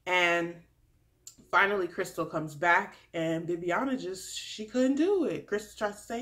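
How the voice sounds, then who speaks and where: A young woman vlogger recapping a reality show in a chatty, animated way, often laughing and acting out what people said. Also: lowish voice, a little slow. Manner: chatty, laughs often, drops into quoted voices. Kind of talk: animated casual recap with acted-out quotes.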